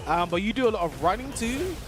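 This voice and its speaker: A man's voice: high-pitched, sing-song, fast, over music. A young man commentating live at a fighting game tournament, easygoing and analytical. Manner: easygoing, analytical, chuckles often.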